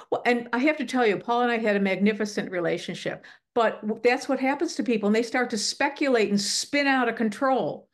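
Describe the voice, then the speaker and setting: Middle-aged woman, earnest storyteller, slightly high voice, lively delivery with frequent restarts. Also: fairly quick. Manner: earnest, animated storytelling with acted quotes and restarts. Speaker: guest speaker on the afterlife. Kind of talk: casual chat.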